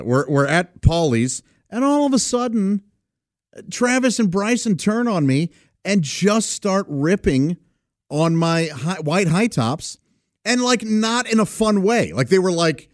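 A man's voice: a little high, dry recording, clean studio sound. A man in his forties telling rambling, self-deprecating stories in a casual chat, often laughing as he goes. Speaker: storyteller. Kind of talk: casual anecdote.

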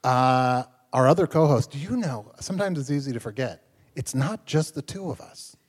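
A man's voice: medium pitch, lively intonation, normal speed, long reverb tail, natural voice. An actor playing a wry, bemused tavern regular who teases his friend in live improv comedy. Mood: announcing. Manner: dry, bemused, teasing.

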